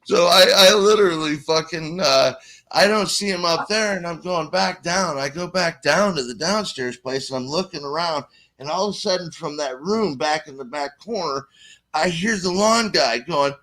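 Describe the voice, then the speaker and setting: A man's voice: a little high, moderate pace, sharp tone. A man rambling through a crude, swear-filled party story in casual chat. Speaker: guest storyteller.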